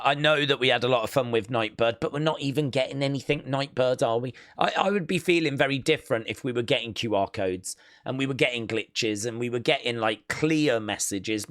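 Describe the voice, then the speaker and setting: A man's voice: medium pitch, fairly bright tone, no room sound, studio quality. A man hosting a wrestling news show, chatting casually and laughing often as he reacts to clips.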